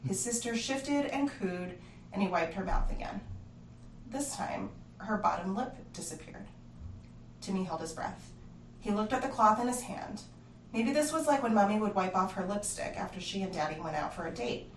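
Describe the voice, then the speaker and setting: Hushed woman telling a horror story. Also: mid-range voice, expressive, moderate pace, slight background noise. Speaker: narrator. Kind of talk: storytelling narration. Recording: roomy, distant mic, faint ambience.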